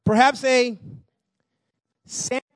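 A man preaching a sermon, telling personal stories in a lively way, laughing often and repeating words as he goes. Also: very high voice, takes it slowly, dry recording, studio quality. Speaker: pastor.

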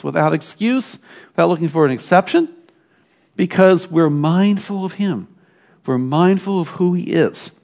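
A man preaching a sermon in a church, emphatic and animated, dropping at times into quiet asides. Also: fairly high pitch, creaky. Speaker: pastor.

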